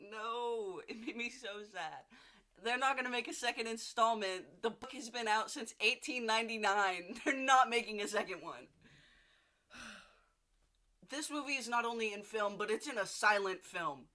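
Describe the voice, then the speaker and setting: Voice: mid-range voice, animated, moderate pace, pushed and bright. A vlogger in a casual video diary, rambling and gushing, with frequent restarts and casual swearing, seated at home.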